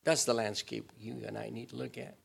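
A man preaching a sermon to his church, swinging between loud emphatic lines and hushed prayerful ones. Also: mid-range voice, level tone, fairly quick, gravelly, slightly rough. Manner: switches into Spanish for an acted aside. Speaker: pastor.

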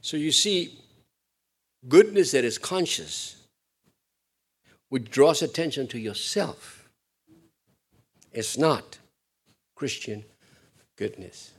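Male pastor, sermon delivery, animated with emphatic high peaks, playful asides to the congregation. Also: slow, long pauses, slightly rough.

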